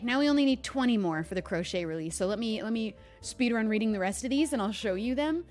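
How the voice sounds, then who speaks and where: A woman's voice: on the high side, animated, a little fast, soft background music. A young woman chatting casually on a livestream, bubbly and thanking viewers by name. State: hiccuping. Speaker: streamer.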